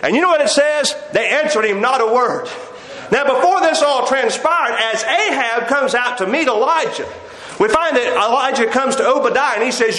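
A man's voice: very high-pitched, lively intonation, moderate pace, pushed and bright. A man preaching a sermon, telling the story with animation and acting out the quotes. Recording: echoey room.

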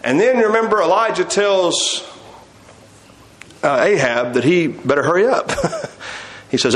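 A man's voice: high-pitched, expressive, a little slow, pauses often, a bit bright. A man preaching a sermon, telling the story with animation and acting out the quotes. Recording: echoey room.

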